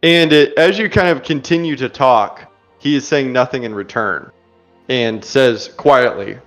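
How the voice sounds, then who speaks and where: A man narrating a tabletop role-playing game as game master, in a slow and measured way. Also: mid-range voice, fairly bright tone, highs cut off, faint music behind.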